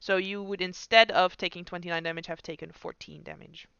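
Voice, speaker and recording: A man narrates a tabletop game as its game master, and his voice comes across bright and very crisp. He talks in a relaxed, chatty way. The sound is dry and a little dull. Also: high-pitched, no echo. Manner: relaxed, chatty, puts on quick voices for figures.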